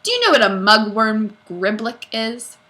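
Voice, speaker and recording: A woman voicing a gruff, suspicious male school principal who barks his questions loudly in a storybook reading. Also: fairly high pitch, sing-song, a little slow, exaggerated voice. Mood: interrogating. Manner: barking, loud interrogating.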